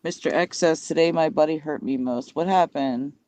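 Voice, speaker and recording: A man's voice: on the high side, moderate pace, a little mellow, no room sound. A man co-hosting a livestream, reading chat with laid-back, amused reactions.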